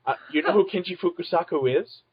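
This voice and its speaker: A man's voice: high voice, animated, fast, slightly rough, muffled recording. A man co-hosting a podcast in casual chat, playful, laughing often and swearing. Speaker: podcast co-host.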